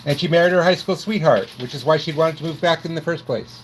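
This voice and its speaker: A man's voice: fairly high pitch, quick pace, over music. Rambling man in his sixties from New York. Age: 60s. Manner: rambling, self-correcting storyteller. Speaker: host. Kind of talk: casual chat.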